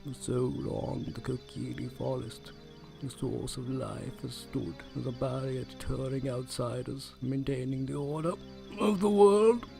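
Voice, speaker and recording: A man's voice: mid-range voice, unhurried, creaky, music in the background. A man voicing an ancient, solemn male tree spirit in an old-man voice with archaic speech. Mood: grave.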